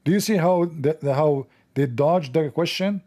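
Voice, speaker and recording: Brief: male host, mellow dark timbre, fairly high voice, sarcastic commentary. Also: normal speed. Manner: sarcastic, animated, mocking. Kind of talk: casual commentary video.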